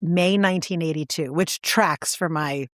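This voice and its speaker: A woman's voice: sits low, moderate pace, no echo, studio quality. New woman telling a story. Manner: storytelling, animated impressions. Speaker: podcast co-host. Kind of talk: casual chat.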